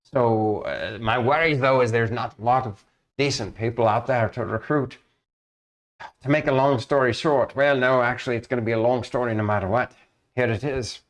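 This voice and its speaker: A man's voice: mid-range voice, normal speed, voice pushed up, lightly acted. A man voicing a worried, long-winded male guild master who stammers as he frets.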